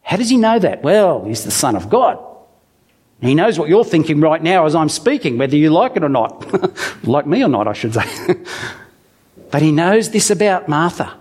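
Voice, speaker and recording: A man delivers a chatty, story-driven sermon, reading scripture aloud and then explaining it with playful asides. His voice sits fairly high for a man and swoops up and down with lively expression. He talks to the congregation as if chatting with friends. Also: moderate pace, long pauses, husky. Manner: animated storytelling with humorous asides. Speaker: preacher. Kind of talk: conversational sermon with Bible reading.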